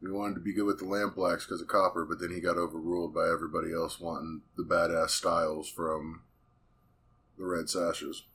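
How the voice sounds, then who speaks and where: A man's voice: sits low, little pitch movement, fairly quick, a bit bright, breathy edge. A man hosting a casual podcast about a tabletop game, joking loosely and swearing now and then. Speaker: podcast host.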